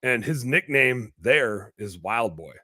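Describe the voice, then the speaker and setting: A young man telling a story on a podcast in a casual, animated way, swearing freely and acting out quotes. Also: medium pitch, slow pace, no room sound, clean studio sound. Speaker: podcast guest.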